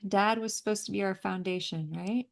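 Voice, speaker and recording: An energy healing facilitator speaks at medium pitch and normal speed as she leads a group clearing session. She walks listeners through breathing and tapping, cheering them on forcefully and occasionally cursing.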